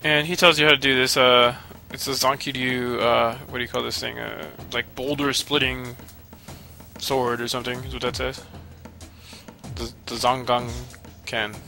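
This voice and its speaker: Gravelly, cranky man commenting on a game. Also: mid-range voice, level tone, normal speed, pushed and bright, soft background music. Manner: rambling, cranky and profane, laughs often. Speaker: let's play commentator. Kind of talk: casual gameplay commentary.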